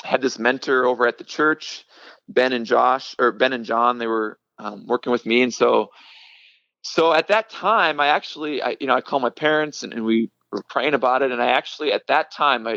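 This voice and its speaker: A young man, a ministry director, telling his life story in a casual interview, halting with many fillers and restarts. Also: mid-range voice, gravelly, fairly bright tone, no room sound, muffled recording. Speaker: middle school ministry director, guest.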